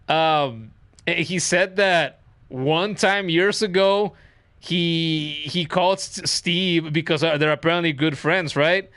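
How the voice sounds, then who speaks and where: A man's voice: a little high, slow, fairly bright tone, no echo. A man in his thirties streaming a game, chatting in a rambling, profane way and telling funny stories. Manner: rambling, profane, laughing storyteller. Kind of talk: casual chat while streaming.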